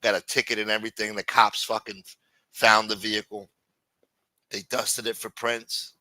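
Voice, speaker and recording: A man's voice: lowish voice, level tone, normal speed, bright, forceful tone, no echo, studio quality. A man hosting a livestream and telling a crime story in casual, profane street talk. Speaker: livestream host.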